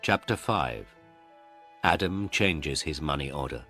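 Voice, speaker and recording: A man narrating a storybook for English learners in a slow, clear, deliberate way. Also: rumbling low, expressive, bright, forceful tone, faint music behind.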